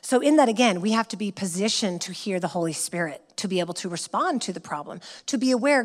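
A middle-aged woman preaches in a relaxed, conversational way. Her voice sits at a medium pitch, and she tells stories with lively energy. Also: fast talker, hardly any pauses. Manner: conversational, lively storytelling with laughs. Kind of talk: sermon.

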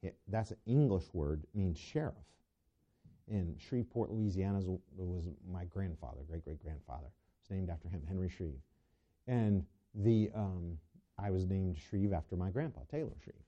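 Male preacher, sermon, very dark timbre, stumbling restarts, lo-fi church recording. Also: low-pitched, normal speed. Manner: asks the congregation rhetorical questions, stumbles and restarts. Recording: dull lo-fi recording.

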